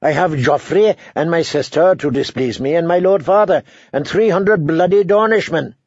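A sardonic nobleman drops dry jests in a husky, gravelly tone, as a male narrator reads him. The recording is dull and close with no room sound. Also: on the high side, normal speed, darkish tone, dry recording. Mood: wry. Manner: wry, sardonic.

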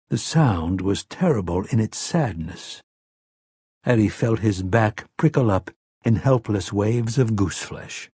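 Casting: male audiobook narrator, low and unhurried, close dry read. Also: lively intonation, mellow, breathy edge, no room sound. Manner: measured, unhurried storytelling. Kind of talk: scripted narration.

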